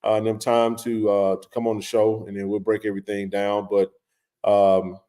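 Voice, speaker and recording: A man hosting a live stream, telling a personal story in a loose, animated way with lots of fillers and restarts. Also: fairly low pitch, normal speed. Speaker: livestream host. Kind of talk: casual storytelling to a live chat.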